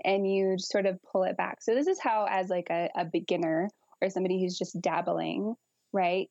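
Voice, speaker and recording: A woman's voice: mid-range voice, no room sound, muffled recording. Frank, laughing woman talking about kink. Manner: frank, animated, laughs often, swears. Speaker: guest kink educator. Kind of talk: casual podcast chat.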